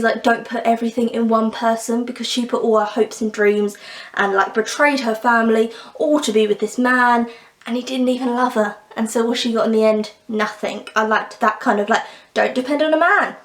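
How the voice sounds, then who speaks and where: A young woman reviewing a book and its film in a casual, opinionated chat with sarcastic asides. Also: on the high side. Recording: roomy echo.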